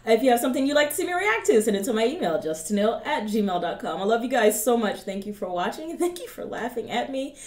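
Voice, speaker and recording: A woman's voice: a little high, lively intonation, quick pace, few pauses, reverberant. A woman from the American South with a Southern accent, chatting casually in a reaction vlog and talking straight to her viewers. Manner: chatty, laughs often, addresses viewers directly. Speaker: reaction YouTuber.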